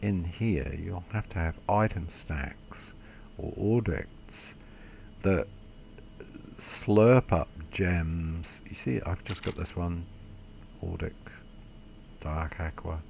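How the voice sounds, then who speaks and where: A man's voice: sits low, takes it slowly, vocal fry, pauses often, a little mellow, a little hiss or hum. A man giving a casual, rambling game tutorial commentary, self-deprecating and swearing mildly. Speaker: gaming video creator.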